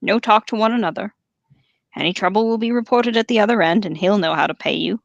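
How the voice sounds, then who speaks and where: A woman doing a gruff, bossy orc captain. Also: medium pitch, fast, no room sound, dull audio, lightly acted. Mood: commanding. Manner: barking orders, harsh and impatient.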